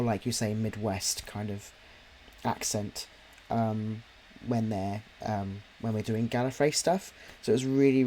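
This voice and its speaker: Chatting on a live drawing stream, this co-host and podcast writer from near London speaks with a slight Cockney accent, rambling and restarting with plenty of fillers. His voice is medium-pitched and darkish, with slight background noise.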